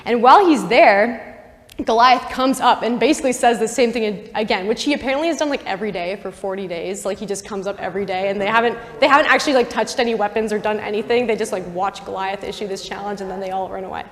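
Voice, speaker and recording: A young woman, a campus missionary, speaks fast in a medium-pitched voice while teaching the Bible informally. Her talk is peppered with "like" and side comments to the audience, and the chapel's long reverb trails after her words.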